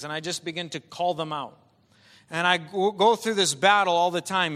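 A male preacher delivering an impassioned sermon, swinging from quiet talk to shouting. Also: high-pitched, fairly even intonation, moderate pace. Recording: long hall reverb.

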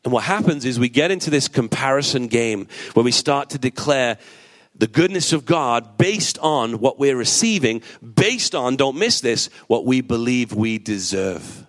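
A man's voice: mid-range voice, expressive, unhurried, a bit bright. A male pastor giving a sermon in a conversational, storytelling way, asking the congregation rhetorical questions and repeating his points for emphasis.

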